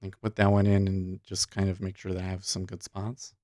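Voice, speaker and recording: A man hosting a day trading livestream, thinking aloud in halting, self-interrupting remarks as he watches the market. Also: low voice, monotone, mellow, dry recording, studio quality.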